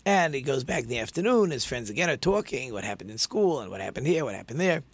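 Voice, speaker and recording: A man's voice: medium pitch, big pitch swings, fast talker, slightly rough, dry recording. Man telling a story in a sermon. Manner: conversational, many fillers and restarts.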